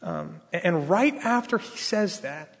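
Husky high-voiced man preaching in a hall. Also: wildly swooping pitch, a little slow. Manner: casual, asks the audience questions. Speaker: pastor. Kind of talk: conversational sermon. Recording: long hall reverb.

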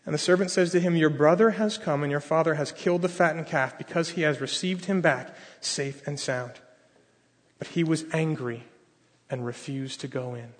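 Animated male preacher in a hall. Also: on the high side, brisk. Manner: animated storytelling, acting out characters' lines. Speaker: pastor. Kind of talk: sermon. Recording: reverberant hall.

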